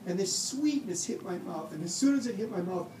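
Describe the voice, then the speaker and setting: A man's voice: high voice, lively intonation, a little fast. A man telling a personal story on stage with comic timing, acting out the dialogue. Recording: echoey room, heard from a distance, audible noise.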